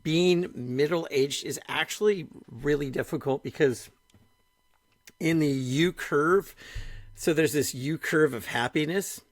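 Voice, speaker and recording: A middle-aged man hosting a podcast, chatting casually and retelling conversations in an animated way, full of "like". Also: on the high side, slow pace, no room sound, clean studio sound. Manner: animated storyteller, retells dialogue, frequent "like". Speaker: podcast host.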